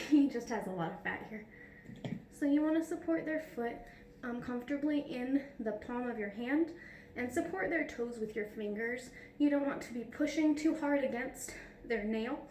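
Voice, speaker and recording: A woman's voice: on the high side, darkish tone, a little hiss or hum. A woman dog groomer giving a casual how-to tutorial at home, chatty, laughing often and cooing to her dog. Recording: roomy sound from a distant mic.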